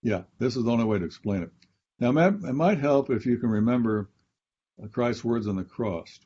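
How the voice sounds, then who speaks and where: A man's voice: medium pitch, lively intonation, brisk, warm tone, slightly rough, highs cut off. A man, a Bible scholar and professor, explaining grammar step by step in a teaching conversation and repeating key phrases.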